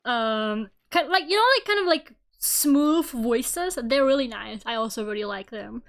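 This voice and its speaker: A young woman with a light Russian accent, chatting casually on a stream, self-mocking and quick to laugh loudly. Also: on the high side, animated, vocal fry. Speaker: Vtuber streamer. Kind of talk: casual chat while drawing. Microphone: streaming microphone at home.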